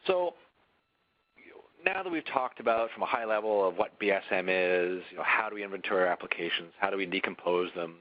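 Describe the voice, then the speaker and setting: A man from a software vendor presenting a webinar in a conversational way, often tagging his points with "right?" and restarting his sentences. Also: low voice, a little fast, no echo, highs cut off.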